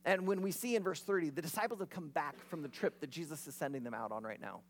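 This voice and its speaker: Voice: medium pitch, fast, slight background noise. A pastor preaching a sermon in a conversational, storytelling way.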